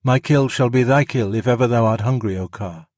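A man's voice: medium pitch, a little fast, a little mellow, no room sound, studio quality, lightly acted. Man putting on an eager boy's voice. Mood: earnest. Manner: eager, raised voice. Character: young boy raised by wolves, earnest.

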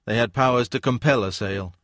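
A man's voice: mid-range voice, fast, fairly bright tone, no room sound, studio quality, lightly acted. A man voicing an older male academic who speaks bluntly and dismissively, in a storybook reading. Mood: gruff. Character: blunt older male don, gruff and disillusioned.

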